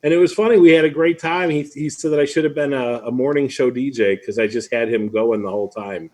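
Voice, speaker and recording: A man hosting a live online event, chatting casually and telling a story with lively asides. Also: mid-range voice, fast talker. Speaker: host. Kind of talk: casual live-stream chat.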